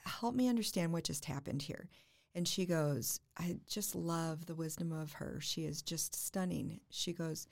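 Low gravelly-voiced woman therapist. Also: a little mellow. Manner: thoughtful, measured, builds points through repetition. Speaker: family and marriage therapist, guest. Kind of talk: reflective interview answer.

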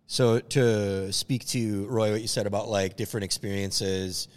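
A man co-hosting a podcast, chatting casually with quick, opinionated asides and jokes. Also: on the low side, steady tone. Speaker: podcast co-host. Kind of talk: casual chat.

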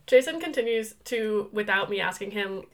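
A woman's voice: medium pitch, expressive. A young woman co-hosting a podcast, chatting casually, teasing and laughing often. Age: young adult. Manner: laughing, teasing, quick to joke. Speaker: podcast co-host. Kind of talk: casual chat.

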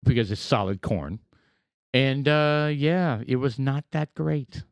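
A man's voice: medium pitch, animated, slow pace, gravelly, dry recording. A man co-hosting a podcast in casual banter, talking emphatically and often repeating himself. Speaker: podcast co-host.

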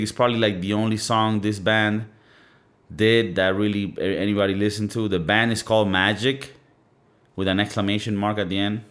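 A young man hosting his own podcast, talking casually in a rambling, profane, animated way. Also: medium pitch. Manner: animated, profane, rambling with playful mock-singing. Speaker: podcast host. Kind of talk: casual solo podcast rant.

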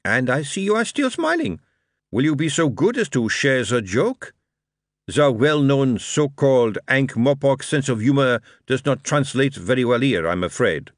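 A man's voice: mid-range voice, sing-song, moderate pace, dry recording, pitched above the performer's own voice, lightly acted. A man reading an audiobook, voicing a polite, dry aristocratic marquis with a formal, faintly condescending manner.

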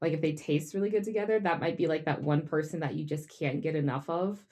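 A woman's voice: low-pitched, quick pace, a little mellow. A woman co-hosting a podcast in casual, playful chat with frequent short reactions. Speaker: podcast co-host.

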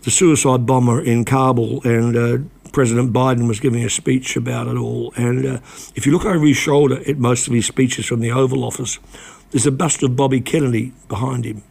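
Older man, gravelly and husky. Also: medium pitch, fairly even intonation, a little mellow. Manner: halting, many restarts and repeated words. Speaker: guest, former reporter. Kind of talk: casual radio conversation.

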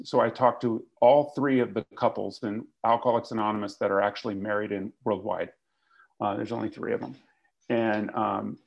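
A man's voice: fairly low pitch, gravelly. A man speaking to a recovery meeting, telling his story with candid, blunt, self-mocking humor. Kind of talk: confessional comic storytelling.

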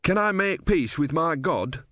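A man's voice: on the high side, expressive, measured pace, sharp tone, no room sound, studio quality, pitched above the performer's own voice. A man voicing an earnest, frightened young male monk who pleads and quotes scripture. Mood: pleading.

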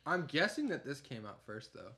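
A man's voice: mid-range voice, sing-song, normal speed, creaky, pushed and bright. A man hosting a podcast, chatting casually about a TV episode in a laid-back, rambling way. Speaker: podcast host.

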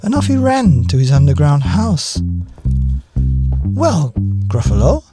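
Expressive male storyteller. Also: on the high side. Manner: gentle, expressive, unhurried. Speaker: storyteller, podcast host. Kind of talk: children's story reading. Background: guitar music.

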